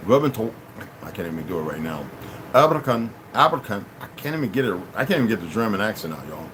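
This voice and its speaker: A man's voice: low voice, very animated, very fast, slight background noise, rough recording. A man hosting his own channel, reading a text aloud and breaking off into casual asides to his listeners. He stumbles over hard words and restarts often. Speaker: channel host.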